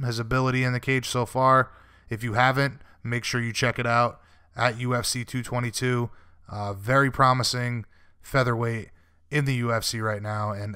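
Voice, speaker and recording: Bright, crisp-voiced sports radio host. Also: male voice, medium pitch, level tone, normal speed. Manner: easygoing, chummy, laughs along with guests. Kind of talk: sports radio interview hosting.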